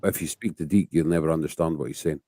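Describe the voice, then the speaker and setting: A man hosts a loose late-night live chat, swearing freely. His voice sits very low and sounds mellow. The recording is dry and close. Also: steady tone, fast talker, no echo. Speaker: host.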